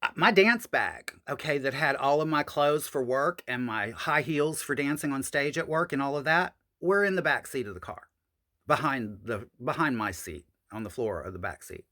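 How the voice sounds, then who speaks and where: A man's voice: animated, normal speed, pushed and bright. A man telling a story from his own past in a casual, profane monologue, calling his viewers honey and y'all. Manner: jumps high in pitch for emphasis.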